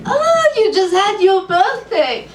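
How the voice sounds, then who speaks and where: A woman's voice: extremely high pitch, very animated, slow pace, pitched above the performer's own voice, exaggerated voice. A woman voicing a brusque older female psychic with a put-on Hebrew accent and clipped broken grammar. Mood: stern. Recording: echoey room, far mic, faint hum.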